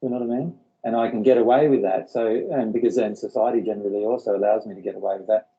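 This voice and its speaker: A man's voice: fairly low pitch, steady tone, fast, gravelly, dark tone, highs cut off. A man leading a spiritual workshop, explaining earnestly and often repeating his words. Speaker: workshop teacher.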